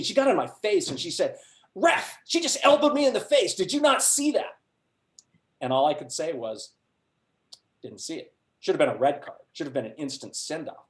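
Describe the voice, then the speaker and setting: Middle-aged man telling a story, roomy echo. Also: medium pitch. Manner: animated anecdote with frequent laughs. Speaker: workshop presenter. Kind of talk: storytelling talk to a group.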